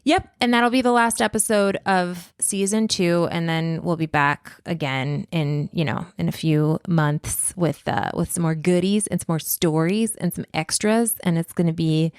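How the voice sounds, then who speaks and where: A woman's voice: lowish voice, normal speed, hardly any pauses, smooth, no room sound, studio quality. A woman co-hosting a podcast in casual chat, talking with lots of fillers and restarts. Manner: chatty, many fillers and restarts. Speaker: podcast co-host and producer.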